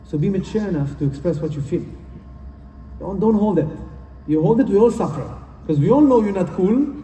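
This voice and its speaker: A conference speaker gives a motivational talk in a conference hall, caught from far off in the roomy, echoing space. His voice is high-pitched, expressive, fairly quick and mellow, with a little hiss or hum underneath. He sounds earnest, repeats himself, and uses non-native phrasing.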